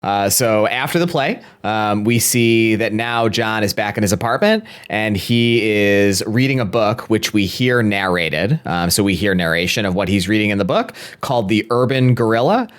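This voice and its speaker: A young man with a lowish voice recaps a film plot from his notes on a podcast. His delivery is dry and self-deprecating, and he keeps it casual. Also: animated, normal speed, hardly any pauses. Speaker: podcast co-host.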